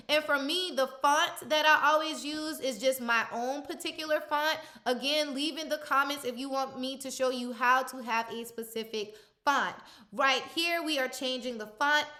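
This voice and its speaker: A young adult woman, a content coach, walks viewers through a screen-recorded editing tutorial in a chatty, step-by-step way, often pausing with "um" and "uh". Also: sits high, sharp tone. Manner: chatty, step-by-step instruction with frequent fillers.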